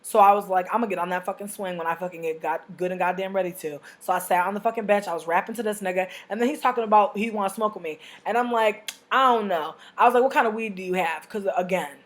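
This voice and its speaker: A young woman telling a story to camera as a vlogger, brash and profane, with big animated swings in her delivery. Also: mid-range voice, fast talker, hardly any pauses. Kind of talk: casual storytime rant.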